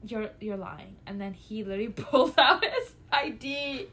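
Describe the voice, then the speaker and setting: A woman in her twenties, casually chatting as a podcast co-host, acting out dialogue in a lively storytelling manner. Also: a little high, normal speed. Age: 20s. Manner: animated storyteller, acts out dialogue, bursts into loud laughs. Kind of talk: casual chat.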